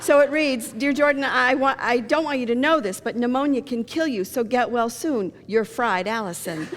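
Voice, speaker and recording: A woman's voice: high-pitched, moderate pace. Woman pastor preaching in a reverberant hall. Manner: storytelling with jokes and laughter. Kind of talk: sermon. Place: church sanctuary. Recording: long reverb of a church hall.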